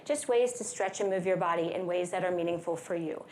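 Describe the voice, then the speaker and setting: A woman giving an energetic, upbeat wellness talk at a conference, leading the audience through stretches and breathing with playful asides. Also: fairly low pitch, brisk, roomy sound, a little hiss or hum. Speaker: wellness speaker. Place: large conference hall.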